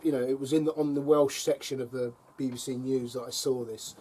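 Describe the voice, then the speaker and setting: Casually addressing the camera from his allotment by a fire, the middle-aged vlogger tells wry stories, chuckling and making dry jabs. His voice is medium-pitched, steady, warm and husky, and fairly quick.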